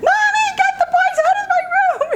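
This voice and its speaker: A woman's voice: very high-pitched, flat delivery, very fast, a bit bright, slight background noise, pitched above the performer's own voice. A woman voicing an upset young girl who whines and wails for her mother. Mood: wailing. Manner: whiny, wailing for her mother.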